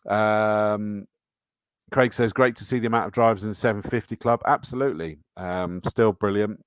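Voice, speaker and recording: Middle-aged host, matey and chatty, slightly low voice, dry close sound. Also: male voice, normal speed, clean tone, no echo. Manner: chatty, matey, reads out comments and entry lists. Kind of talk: live-stream chat reading viewer comments.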